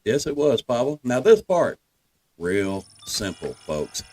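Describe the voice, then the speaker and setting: Folksy Southern man with a lively voice. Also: medium pitch, slow. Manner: folksy and reassuring, addresses viewers as folks. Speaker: gameplay guide. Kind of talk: walkthrough commentary over gameplay.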